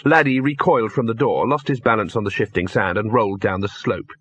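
A man narrating an audiobook in a steady, dry storytelling manner. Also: fairly low pitch, a little fast. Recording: dull lo-fi dry recording.

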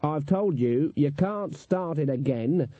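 A man's voice: a little high, expressive, slow, mellow, no echo, voice pushed up. An actor playing a stern, shrewd old female witch with a dry, blunt, matter-of-fact delivery. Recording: dull, dry lo-fi recording.

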